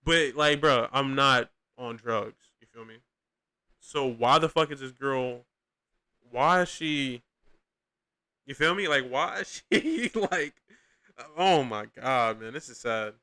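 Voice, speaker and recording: A man's voice: medium pitch, slow pace, pauses often, pushed and bright, clean tone. A young man hosting a podcast, giving casual, profane, rambling reaction commentary with lots of slang and restarts. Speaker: podcast host reacting to clips.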